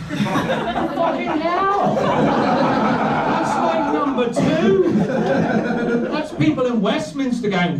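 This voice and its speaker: A man's voice: very high voice, expressive, extremely slow, long pauses. A man in his thirties doing a rambling, self-deprecating stand-up set with lots of asides. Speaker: stand-up comedian. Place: comedy night in a bar, live audience laughing. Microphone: handheld stage mic, recorded from a distance. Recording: roomy, distant, noisy bar recording.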